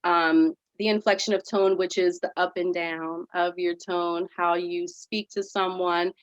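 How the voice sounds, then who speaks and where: A woman teaching kids in an upbeat, animated virtual after-school lesson, sometimes reading a passage aloud. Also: on the low side, measured pace, dry recording, dull audio.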